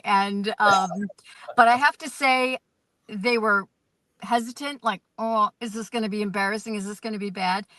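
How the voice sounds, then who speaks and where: An American woman who tells her stories with animated energy and self-deprecating humor, speaking in a fairly high voice. The sound is dry and close, with very little room echo. She is the guest in a casual interview. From United States. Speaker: guest performer. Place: outdoors in a parked car.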